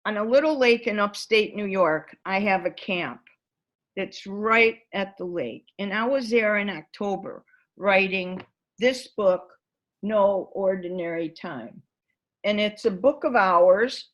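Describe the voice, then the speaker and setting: A woman facilitator telling a personal story to a gathering, unhurried and spacious in her pacing. Her voice sits at a middle pitch, and she brings each scene to life with lively, expressive storytelling. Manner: vivid, animated storyteller who acts out scenes. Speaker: workshop facilitator and author. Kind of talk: storytelling talk to a spiritual gathering.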